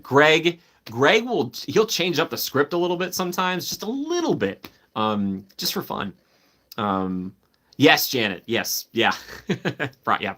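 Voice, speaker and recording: A man hosts a relaxed live stream and talks in an easy, chatty way. He is eager and laughs often while he answers his viewers by name. His voice sits at an ordinary middle pitch. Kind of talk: casual live-stream chat.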